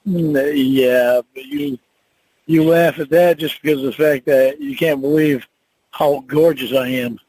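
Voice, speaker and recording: A man with a somewhat higher-than-usual voice talks in casual banter with his partner. He is defensive and laughs things off easily. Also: fairly even intonation, a little slow, a little mellow, slightly rough, no echo, rough recording.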